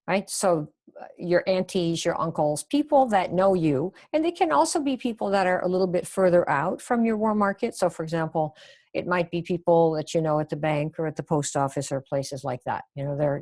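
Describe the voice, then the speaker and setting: A woman's voice: lowish voice, moderate pace, a little mellow. A woman teaching a live webinar as a sales coach, chatty and coaching, reacting to viewers' comments as she goes. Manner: chatty, coaching, reacts to chat, acts out sample phone lines.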